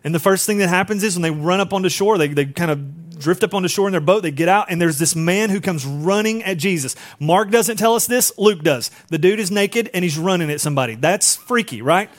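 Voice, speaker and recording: A man preaching a sermon in a casual, conversational way, often dropping to a hushed voice for emphasis and checking in with listeners. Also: sits high, a little fast, hardly any pauses. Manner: frequent tag questions and asides to the congregation. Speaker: pastor.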